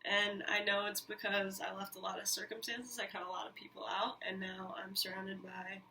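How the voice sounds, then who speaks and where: A woman hosting her own podcast, telling a personal story in an animated, candid way, with frequent swearing and quick asides. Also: medium pitch. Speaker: podcast host. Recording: mic a little distant, faint hiss.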